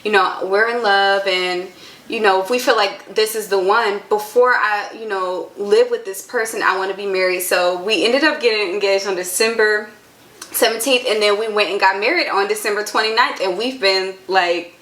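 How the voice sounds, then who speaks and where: Young woman in her 20s vlogging, earnest and chatty, lots of "like", medium pitch, room echo behind her. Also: normal speed, fairly bright tone. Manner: earnest, chatty, with many filler words. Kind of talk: casual chat to camera.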